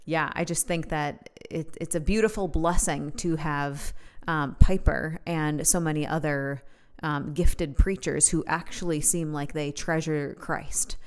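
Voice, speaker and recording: Animated woman with a lowish voice. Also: clean tone. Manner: animated, quick asides, laughs easily. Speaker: podcast co-host. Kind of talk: casual Christian podcast conversation.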